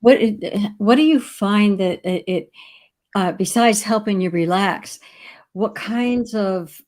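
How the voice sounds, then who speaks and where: A woman's voice: mid-range voice, darkish tone. A woman co-host in a casual interview, giving short replies and asking curious questions. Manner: brief backchannels, curious questions. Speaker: podcast co-host.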